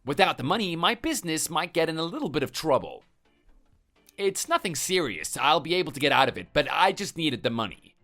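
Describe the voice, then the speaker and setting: A man's voice: fairly high pitch, very animated, a little fast, sharp tone, faint music behind. A synthetic male voice as a menacing, hot-tempered husband. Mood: angry, dismissive. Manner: dismissive, defensive and menacing. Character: hot-tempered threatening husband, adult man. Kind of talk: text-to-speech story voice.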